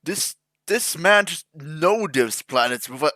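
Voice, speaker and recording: In a reaction video with no echo, a man with a fairly high, fairly bright voice talks at a moderate pace. He jokes around, wanders into rambling asides, and sometimes lapses into mock-emotional mumbling.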